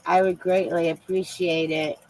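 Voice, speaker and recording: A woman live streaming from home, talking in a soft, halting, confiding way with frequent pauses. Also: lowish voice, flat delivery, rough recording. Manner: emotional and confiding. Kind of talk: casual live-stream chat.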